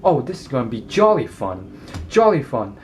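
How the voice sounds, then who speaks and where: A man putting on a clumsy British accent to impersonate a flamboyant English male comedian, with high, theatrical exclamations. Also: big pitch swings, normal speed, darkish tone, slight background noise, close to an everyday voice. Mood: giddy. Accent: attempted British.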